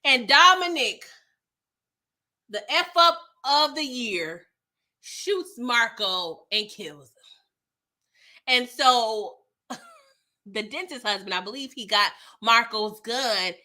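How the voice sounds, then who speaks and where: Bright high-voiced woman recapping TV. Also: lively intonation, takes it slowly, pauses often. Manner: chatty and slangy, reacting with exasperation. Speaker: TV recap host. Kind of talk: casual live episode recap.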